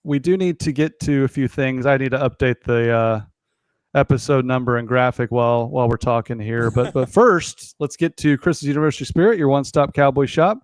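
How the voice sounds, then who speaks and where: A man, hosting a casual sports podcast over a remote call in a relaxed, conversational way. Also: mid-range voice, a little fast, no room sound. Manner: conversational, relaxed with occasional fillers. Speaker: podcast host.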